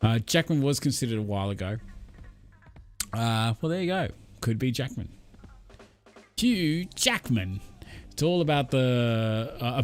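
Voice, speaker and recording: A man chatting casually with viewers on a live stream, rambling in an easygoing way with lots of ums and thoughts that trail off. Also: mid-range voice.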